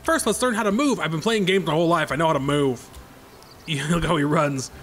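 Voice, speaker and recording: A man giving excitable, sarcastic commentary while playing a golf video game, swinging between high yelps and low mutters. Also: fairly quick, soft background music. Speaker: gaming YouTuber. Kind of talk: gameplay commentary.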